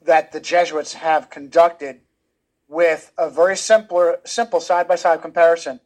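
A man with a notably high voice talks as a guest author in an interview. He speaks emphatically, often repeating words to drive his points home. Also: steady tone, moderate pace, darkish tone. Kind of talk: animated conversational interview.

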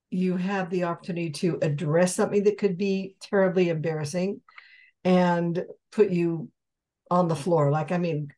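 A woman hosts an interview, reacting to her guest and laughing along with the story. Her voice sits slightly low. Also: dark tone. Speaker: host. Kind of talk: interview chat.

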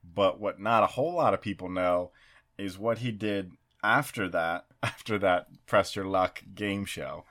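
Podcast guy with a lowish voice telling a story, laughs a lot. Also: measured pace, a bit bright. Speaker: podcast co-host. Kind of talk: casual chat.

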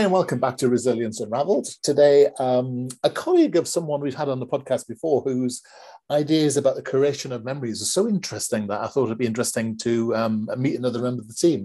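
A man hosting a podcast, talking in a measured, reflective way with frequent fillers as he introduces and questions a guest. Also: mid-range voice, mellow, breathy edge. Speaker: podcast host. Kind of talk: conversational interview.

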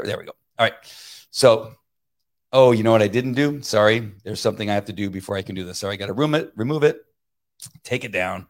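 A man hosting a casual livestream, talking emphatically with many fillers and restarts, and muttering to himself while he fixes technical problems. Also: lowish voice. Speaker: livestream political commentary host.

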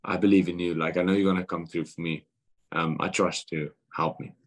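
South african guy in his thirties, kinda low voice, telling a heartfelt story on a podcast, does all the voices himself. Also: fairly quick. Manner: earnest, animated retelling with quoted dialogue. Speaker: guest boxer.

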